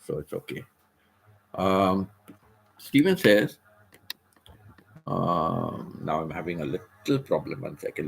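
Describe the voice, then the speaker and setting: Husky low-voiced man explaining patiently. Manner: repeats phrases, explains patiently, clears throat. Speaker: livestream host. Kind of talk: casual livestream teaching. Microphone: computer or phone mic, seated.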